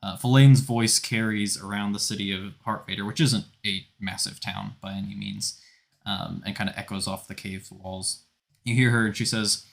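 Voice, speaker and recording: A man narrating a tabletop game as game master, relaxed and rambling with many fillers. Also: on the low side, normal speed, gravelly.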